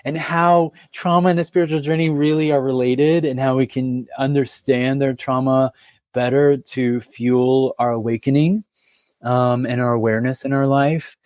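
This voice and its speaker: A man's voice: medium pitch, fairly even intonation, moderate pace, a little mellow, no room sound, clean studio sound. A man, a guest astrologer, talking in a casual podcast interview, thoughtful and rambling with lots of ums.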